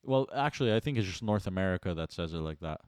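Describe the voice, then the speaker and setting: A man's voice: low voice, lively intonation, quick pace, darkish tone, clear, resonant tone, dry recording, clean studio sound. A man from Canada co-hosting a casual podcast, arguing his point in a laid-back way with easy laughs. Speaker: podcast co-host. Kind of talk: casual chat.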